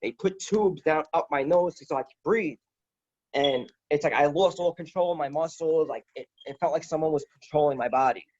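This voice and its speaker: A man with a fairly high voice tells a long personal story as a guest, in loose casual talk. He rambles, repeats words and keeps quoting what others said. The recording sounds dull and lo-fi. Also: moderate pace, darkish tone. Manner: quotes others with "he's like".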